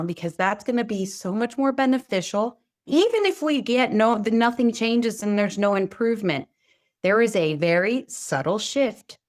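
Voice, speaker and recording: A middle-aged woman co-hosting a heartfelt talk show, speaking casually and acting out her own quoted words with big jumps in her voice. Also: moderate pace. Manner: expressive, acts out quotes with big pitch jumps. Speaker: podcast co-host. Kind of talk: casual chat.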